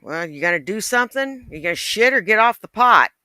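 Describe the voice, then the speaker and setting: Guy doing a snide heckler voice, high and super bright, bone dry sound. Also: expressive, brisk, smooth, no echo, exaggerated voice. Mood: mocking. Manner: mocking, blunt put-downs. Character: sneering male heckler, scornful and insulting.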